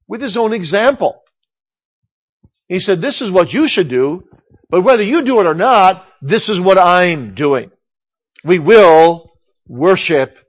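High-voiced preaching man, emphatic. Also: breathy edge. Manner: emphatic preaching, slowing down for scripture quotes. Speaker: pastor. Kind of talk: sermon. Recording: dull lo-fi recording.

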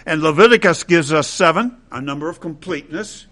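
A man's voice: fairly high pitch, a little fast, a bit bright. A man preaching a sermon in a conversational way, dropping asides and checking in with his listeners.

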